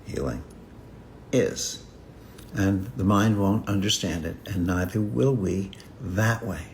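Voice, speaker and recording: Man, lowish voice, spiritual teacher, slow contemplative phrasing, repeats himself, long pauses. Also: darkish tone, slight background noise. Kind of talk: reflective spiritual talk on a live stream.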